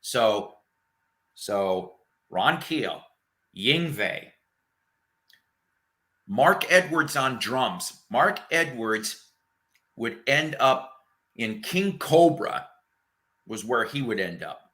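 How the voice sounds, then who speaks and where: Guy hosting a laid-back record talk, rambly and excited, bright sound. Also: mid-range voice, extremely slow, pauses often. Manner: rambling, enthusiastic, swears casually. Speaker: host. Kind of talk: casual chat about records.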